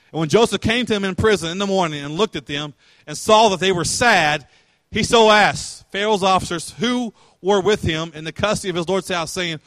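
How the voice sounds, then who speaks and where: A man's voice: sits high, fairly bright tone, no room sound. A male pastor preaching a sermon in a conversational way, asking questions and retelling scripture in everyday words.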